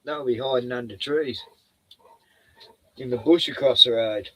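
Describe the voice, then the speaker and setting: A man's voice: medium pitch, a little slow, pushed and bright, a little hiss or hum, poor audio. A middle-aged Australian man streaming from home, rambling in a profane, chatty way, laughing often and cooing at his dog. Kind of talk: rambling casual monologue.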